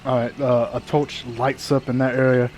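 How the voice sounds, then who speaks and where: Male game master, mid-pitch, calm, patient rules explainer. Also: slow pace, faint music behind. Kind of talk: narrating a tabletop game.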